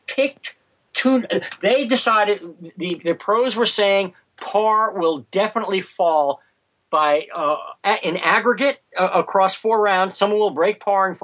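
A man telling golf history anecdotes on a podcast, halting with many fillers and restarts. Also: high-pitched, fairly bright tone, poor audio. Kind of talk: podcast conversation, storytelling.

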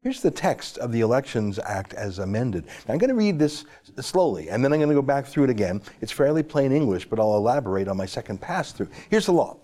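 Male commentator, animated delivery, emphatic and sarcastic, pitch swings widely. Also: brisk. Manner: emphatic, sarcastic, reads legal text aloud. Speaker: political commentator. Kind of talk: opinionated political commentary.

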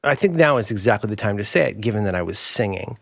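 A man's voice: on the low side, expressive, quick pace, creaky, dry recording, studio quality. A middle-aged man riffing playfully as a podcast co-host in casual chat.

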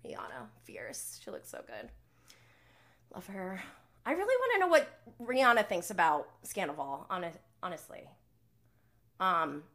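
A young woman hosting a live podcast, chatting casually and animatedly, swinging between low muttered asides and heated rants. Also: sing-song, a little slow, long pauses, fairly bright tone. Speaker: podcast host. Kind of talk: casual live recap chat.

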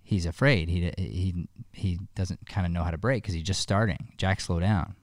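A man's voice: deep voice, moderate pace, dry recording, clean studio sound. A man talking earnestly in a heartfelt one-on-one conversation, telling a personal story with frequent restarts.

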